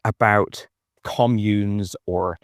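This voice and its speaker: A man's voice: lowish voice, fairly even intonation, drawn-out words, no room sound, studio quality. An Irish man chatting and rambling in a phone voice note while walking outdoors. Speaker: podcast co-host. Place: park outdoors at dusk.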